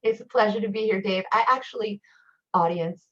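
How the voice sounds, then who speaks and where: A woman's voice: medium pitch, brisk, a bit bright. A woman talking as a guest teacher in a casual chat, telling rambling stories. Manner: chatty, rambling storyteller. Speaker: guest teacher, occult priestess. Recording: dull lo-fi recording.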